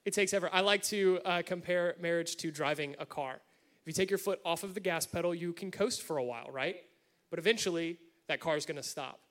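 Earnest high-voiced man preaching. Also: brisk, a bit bright. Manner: earnest, explains with everyday examples. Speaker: married speaker at church. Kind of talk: sermon-style talk on marriage.

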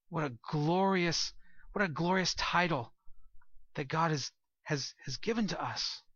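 A pastor preaches to his congregation in a church room, his bright, slightly high voice earnest and rising to emphatic peaks. The sound is close and dry, slightly dull and muffled, with no echo.

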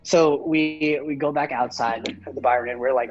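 A man's voice: mid-range voice, fairly even intonation, normal speed, highs cut off, soft background music. A young man casually telling a personal story, rambling with lots of fillers and swearing.

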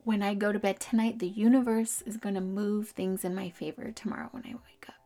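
A woman doing a breathy celebrity-style inner voice in whispered role-play, speaking slow, soothing self-talk. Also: medium pitch, fairly even intonation, dark tone, faint music behind, close to an everyday voice.

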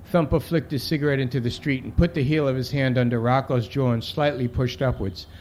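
A man's voice: mid-range voice, steady tone, brisk, a little mellow, a little hiss or hum. A male novelist reading narration from his own book aloud.

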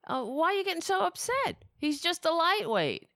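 A woman's voice: extremely high pitch, big pitch swings, normal speed, creaky, sharp tone, no room sound, studio quality. A woman hosting a live political commentary stream, sarcastic and profane.

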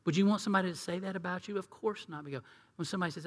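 A man's voice: high voice, racing, long reverb tail. A man preaching a sermon as pastor, earnest and conversational, dropping into acted asides. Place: church sanctuary.

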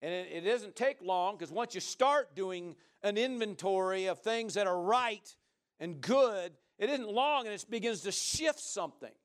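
A middle-aged male pastor preaching a sermon, moving from quiet talk into shouted praise. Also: high-pitched, lively intonation, unhurried.

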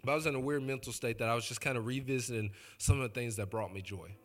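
Guy pastor telling stories in a sermon, chatty and jokey, sharp bright voice, mid pitch. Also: fast. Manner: chatty, joking, addresses the congregation directly. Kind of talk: conversational sermon storytelling.

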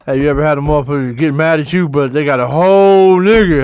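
A man's voice: fairly high pitch, quick pace, darkish tone, smooth, no echo, clean studio sound. A man in a casual podcast chat, throwing in exclamations and questions. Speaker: podcast co-host.

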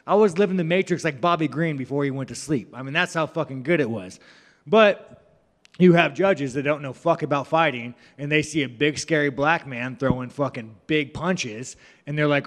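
Man, fighter at a media scrum, swearing, rambling, joking, slightly high voice, long room echo. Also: animated, moderate pace. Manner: profane, rambling, mocking banter. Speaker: professional fighter. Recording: reverberant room.

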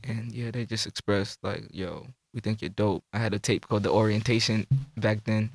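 A man, a rapper guest telling his story in a relaxed, slangy way. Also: lowish voice, normal speed, no echo. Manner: relaxed, laid-back recounting with slang. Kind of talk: casual interview chat.

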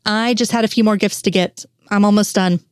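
A woman's voice: medium pitch, steady tone, a little fast, clean tone, no echo, lightly acted. Woman reading as tired wry female agent, close dry sound. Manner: weary, wry.

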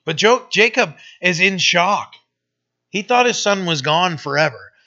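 A man preaching a sermon, telling a story in a halting way with many restarts, then growing emphatic. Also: sits high, animated, pushed and bright. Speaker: pastor. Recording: dull lo-fi sermon recording.

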